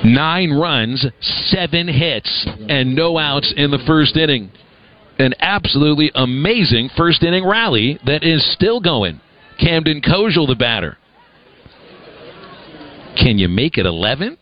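A man's voice: a little high, expressive, highs cut off, some chatter behind. Man calling baseball play-by-play. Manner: brisk, conversational call with dry humor. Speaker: play-by-play announcer. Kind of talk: live baseball play-by-play commentary.

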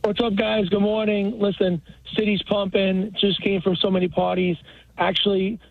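A man from New York calling into a radio show after a night without sleep, talking in short excited bursts. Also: sits high, normal speed, creaky, no echo. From Queens, New York. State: has not slept. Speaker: caller. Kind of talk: radio call-in. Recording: tinny phone line.

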